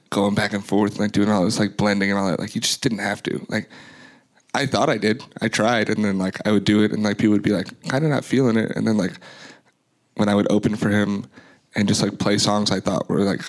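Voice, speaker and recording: Laid-back young man, deep voice. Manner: loose, rambling, heavy use of "like". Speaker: guest, DJ and music producer. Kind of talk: casual interview storytelling.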